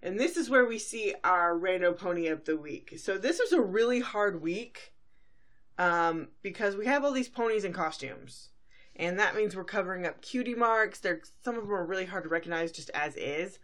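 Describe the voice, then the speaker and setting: A woman's voice: medium pitch, lively intonation, normal speed, fairly bright tone. A woman hosting a podcast, casually recapping a cartoon episode in a chatty way, with many fillers and brief acted-out quotes. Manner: chatty, full of fillers, briefly acts out characters. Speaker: podcast host.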